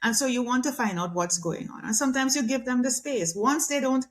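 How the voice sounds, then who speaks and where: A middle-aged woman, a guest communication specialist, talks in a conversational interview with a high voice and a slightly quick pace. She's animated and acts out the voices she quotes.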